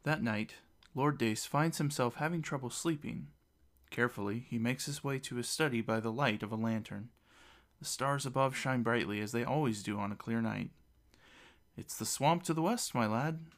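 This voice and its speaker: A man narrating a fantasy storybook in an expressive, lively reading voice. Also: medium pitch, normal speed.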